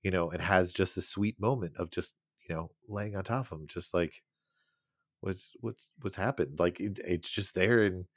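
A man with a fairly low voice talks casually about a movie with his co-host. He laughs often and slips into playful quoted voices. The sound is dry and close. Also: moderate pace, hardly any pauses, dry recording. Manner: animated, laughs often, acts out lines. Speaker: podcast co-host. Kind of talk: casual film discussion.

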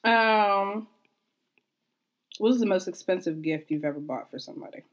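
A woman's voice: medium pitch, normal speed. A woman hosting a casual podcast chat, asking the group questions in a playful way.

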